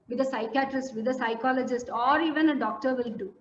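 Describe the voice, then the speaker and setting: High-voiced earnest woman counselor. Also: a little fast, a little hiss or hum. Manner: earnest, repetitive, coaxing, many fillers. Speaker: counselor giving a talk. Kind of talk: motivational talk on an online call. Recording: echoey room, dull lo-fi audio.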